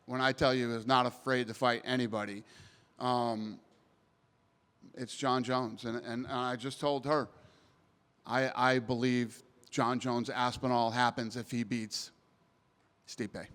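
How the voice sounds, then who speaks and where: A man's voice: mid-range voice, level tone, takes it slowly, pauses often, fairly bright tone. A man answering reporters at a press scrum, blunt and emphatic, swearing casually. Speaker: promotion CEO at media scrum. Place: post-event press area. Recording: long hall reverb.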